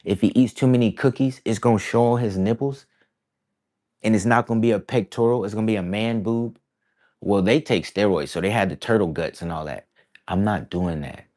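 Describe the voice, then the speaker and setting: Low-voiced man musing casually to camera. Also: fairly quick, a little mellow. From East Coast of the United States. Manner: rambling, reflective, peppered with "bruh" and "y'all". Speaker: artist vlogger.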